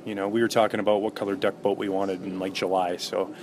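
Low-voiced man telling baseball stories. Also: quick pace, noisy background. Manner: animated anecdotes with many fillers and restarts. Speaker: former baseball player, guest. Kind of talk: relaxed interview storytelling.

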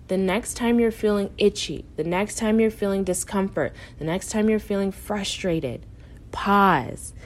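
A woman speaks as host of her own coaching podcast, addressing listeners directly. She is encouraging and blunt in a tough-love way, and she laughs easily. Her voice sits at a middling pitch. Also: a little mellow. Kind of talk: motivational podcast talk.

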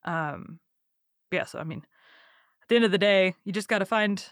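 Woman, from Texas, podcast host, chatty, laughs often, middle pitch, dry close recording. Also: normal speed, no echo. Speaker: podcast host and audiobook narrator. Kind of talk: casual conversational interview.

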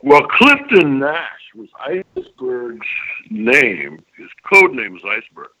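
Slow and forceful, with a bright tone and huge swings around a medium pitch, an older man's voice carries his reminiscences as a voice actor guest in an interview. He rambles emphatically and often checks in with his listener, and the recording is lo-fi phone-line audio.

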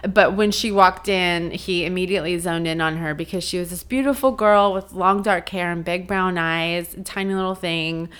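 A middle-aged woman with a lowish voice tells a true-crime story on a podcast. She talks casually, with plenty of fillers and asides. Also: normal speed, hardly any pauses, clean tone. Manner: chatty, animated, lots of fillers and asides. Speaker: podcast host.

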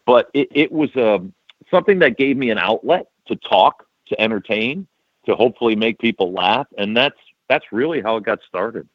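A man in his fifties from New York, a broadcaster telling stories as a guest in a casual interview, laughing often and jumping in pitch when quoting himself. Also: animated, normal speed, no room sound. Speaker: radio and wrestling broadcaster, guest. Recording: slightly dull, dry podcast audio.

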